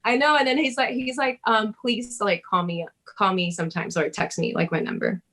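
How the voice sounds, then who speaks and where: A woman's voice: medium pitch, moderate pace. Laughing woman telling a story. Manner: animated, swears, laughs, acts out her own past words. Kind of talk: casual storytelling chat.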